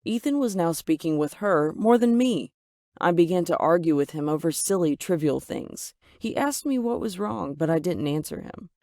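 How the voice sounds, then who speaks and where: A woman's voice: on the low side, lively intonation, normal speed, a little mellow, no room sound, studio quality. A woman telling a first-person story in a dramatic, emphatic way. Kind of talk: scripted first-person narration.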